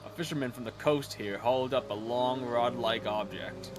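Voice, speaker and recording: A man's voice: medium pitch, moderate pace, background noise, close to an everyday voice. A man voicing an earnest, diligent young male assistant in a formal, precise manner, reading game dialogue over game music. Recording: game music playing behind.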